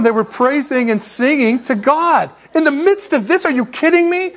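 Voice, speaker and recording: A man preaching a sermon as a pastor, telling stories in an animated, joking way and laughing at his own asides. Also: very high voice, moderate pace. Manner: animated, jokey storytelling with laughs.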